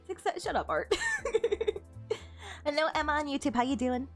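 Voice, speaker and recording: A woman's voice: sits high, lively intonation, unhurried, faint music behind. A young woman streaming a game, chatting casually with frequent giggles and stammered restarts. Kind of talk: casual chat while gaming.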